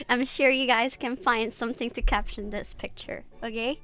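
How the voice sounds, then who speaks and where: A woman streamer chatting casually and loudly, laughing often, swearing freely and apologizing over and over. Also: a little high, smooth. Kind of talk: casual livestream chat.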